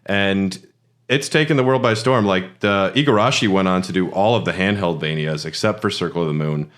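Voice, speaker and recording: A man's voice: low voice, a little fast, a bit bright. A man co-hosting a podcast, talking casually about games with lots of fillers and restarts. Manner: rambling, many fillers and restarts. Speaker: podcast co-host. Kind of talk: casual chat.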